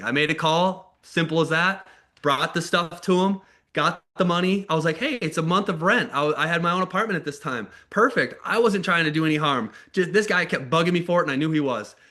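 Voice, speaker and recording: An American motivational speaker in his thirties shares his life story on a video call with a sharp tone and a slightly high voice. His telling is casual and candid, and he occasionally acts out those he quotes.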